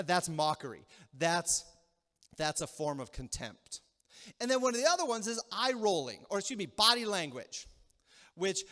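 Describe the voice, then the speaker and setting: A man preaching a sermon as pastor, animated, acting out little quarrels and checking in with the congregation. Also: high-pitched. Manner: animated, acts out quick mock quarrels, asks the crowd "okay?". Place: church sanctuary. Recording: reverberant church hall.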